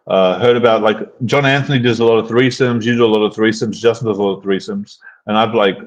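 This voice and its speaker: A man's voice: fairly low pitch, highs cut off. A man hosting a casual chat, rambling through his own experiences with many restarts. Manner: rambling, frequent restarts and fillers. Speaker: host.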